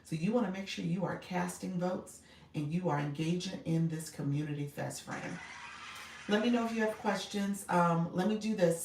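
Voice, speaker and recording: A woman's voice: on the low side, darkish tone, reverberant, far from the mic. A woman, chatting casually on her livestream, giggly and chatty as she answers viewers. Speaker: livestream host and coach.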